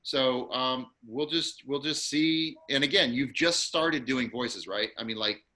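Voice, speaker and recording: Bright-voiced upbeat male class host. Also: medium pitch, measured pace. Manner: upbeat, encouraging. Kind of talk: hosting a video-call class. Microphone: video call.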